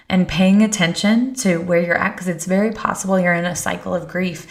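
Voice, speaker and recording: Gravelly low-voiced woman, earnest guest. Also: fairly even intonation, a little fast, few pauses. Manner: earnest, reflective storytelling. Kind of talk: candid conversation.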